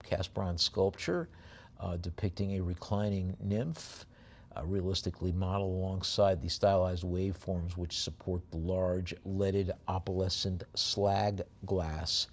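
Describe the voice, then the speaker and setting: A man with a lowish voice works as a live auctioneer, reading out descriptions of each lot before rattling off rapid bid calls.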